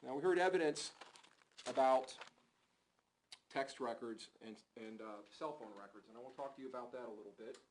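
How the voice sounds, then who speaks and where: A man's voice: mid-range voice, brisk, a little hiss or hum, low-quality recording. A male prosecutor delivering a closing argument in a courtroom, pressing the jury with emphatic rhetorical questions.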